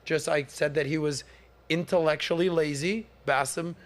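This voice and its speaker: A man in his forties holds the floor on a podcast, telling his story with a somewhat high pitch. He talks in lively bursts. He acts out what others said in exaggerated voices. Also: normal speed. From Miami area. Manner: animated, acts out quotes in mock voices. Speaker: podcast host. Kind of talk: casual storytelling monologue.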